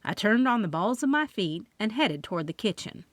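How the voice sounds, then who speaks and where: Lively woman narrating an audiobook. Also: mid-range voice, a little fast, no echo. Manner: lively, expressive reading. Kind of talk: first-person audiobook narration.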